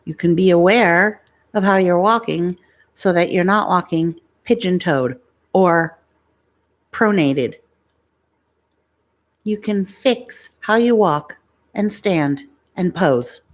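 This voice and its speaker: Middle-aged woman live-streamer from New York, chatty and blunt, lower-pitched, close ASMR mic. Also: takes it slowly, pauses often. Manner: chatty and blunt, many "like" fillers, tangents. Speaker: YouTube live-stream host. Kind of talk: casual live-stream chat. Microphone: ASMR microphone.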